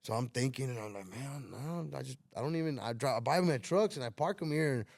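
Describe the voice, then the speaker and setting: A man's voice: mid-range voice, animated, a little fast, creaky, a little mellow, no echo, studio quality. A man, hosting a casual talk show and telling a story, acting out the dialogue and swearing freely. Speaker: podcast host telling a story.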